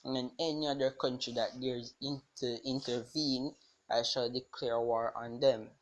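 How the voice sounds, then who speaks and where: A man's voice: mid-range voice, fairly even intonation, moderate pace, close to an everyday voice. A man voicing a haughty young male king who speaks in cold, formal declarations.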